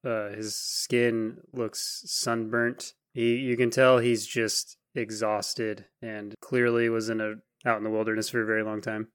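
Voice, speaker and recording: A young man narrating as game master, relaxed and jokey. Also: lowish voice, measured pace, hardly any pauses, clear, resonant tone, no room sound, studio quality.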